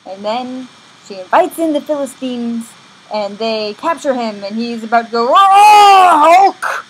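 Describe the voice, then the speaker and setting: A woman's voice: on the high side, moderate pace, slight background noise, low-quality recording. A woman telling a story in a playful, irreverent, casual way with frequent restarts. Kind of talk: comic casual story retelling.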